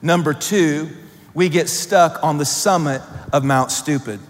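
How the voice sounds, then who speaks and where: A male pastor preaching a sermon, swinging between loud emphatic lines and hushed, low ones. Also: unhurried. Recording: long hall reverb.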